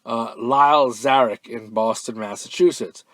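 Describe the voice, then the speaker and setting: A man's voice: mid-range voice, measured pace, no echo. Casual offhand male podcast host, dry sound. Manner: relaxed and offhand, lots of ums and uhs, bursts into loud profane excitement. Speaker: podcast host answering fan mail.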